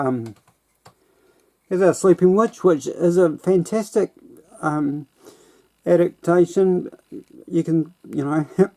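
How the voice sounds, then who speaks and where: A man's voice: fairly high pitch, creaky, mellow. A man casually reviewing a toy set in a rambling, self-deprecating way.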